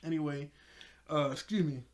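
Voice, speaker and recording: A man casually recapping a cartoon episode for his review channel, chuckling often and getting excited as he retells it. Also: a little high, normal speed.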